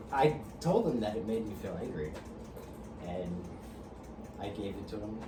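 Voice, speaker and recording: A man telling a rambling story in casual chat, animated and swearing, often breaking into laughs. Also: fairly low pitch, slow, heavy background noise. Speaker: guest. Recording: roomy echo, distant mic, music behind. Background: music.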